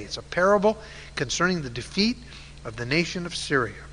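A man's voice: high-pitched, lively intonation, fairly quick, pushed and bright. A man telling a Bible story in a sermon, conversational and full of uh fillers. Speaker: Bible teacher. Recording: long hall reverb.

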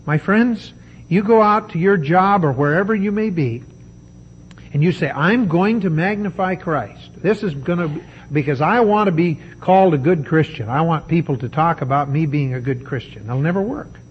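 A man preaching a sermon, emphatic and deliberate, with dramatic pauses. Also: fairly high pitch, expressive, lo-fi sound, a little hiss or hum.

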